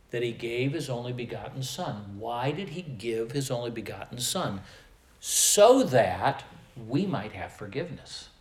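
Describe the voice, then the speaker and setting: A man's voice: medium pitch, big pitch swings, a little mellow, roomy sound. A man from the American Midwest preaching a sermon, emphatic, with volume that swells and drops. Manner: slow, emphatic preaching with rising and falling volume. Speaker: pastor.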